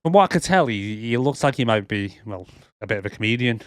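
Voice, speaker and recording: A man's voice: lowish voice, lively intonation, fast talker, no echo. Rambling man, dry sound. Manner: rambling with many fillers. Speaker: podcast co-host. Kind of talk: casual chat.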